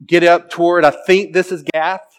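A man's voice: high voice, flat delivery, moderate pace, clear, resonant tone. A man teaching a Bible class from slides in a classroom, talking casually and quizzing his students with questions. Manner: conversational, asks the class questions.

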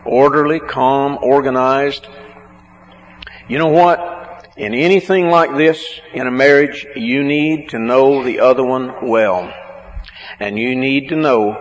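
A man preaching a sermon on marriage, slow and emphatic, drawing out words for stress. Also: mid-range voice. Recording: muffled, with a long hall echo.

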